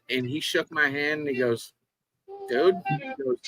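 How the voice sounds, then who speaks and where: A man in casual conversation, swearing freely and retelling a roadside run-in with animated energy. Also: medium pitch, normal speed, soft background music, low-quality recording. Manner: profane storyteller, animated retelling of a confrontation. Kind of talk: casual chat.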